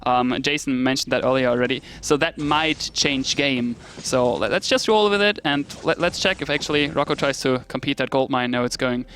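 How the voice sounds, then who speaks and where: A man's voice: medium pitch, moderate pace, hardly any pauses, a bit bright, a little hiss or hum. A man commentating a live esports match in a casual, self-deprecating way, often laughing at himself.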